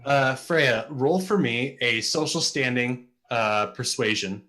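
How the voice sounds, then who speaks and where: A man's voice: medium pitch, takes it slowly, sharp tone. A man as game master running a streamed tabletop game, explaining rules with many ums and uhs.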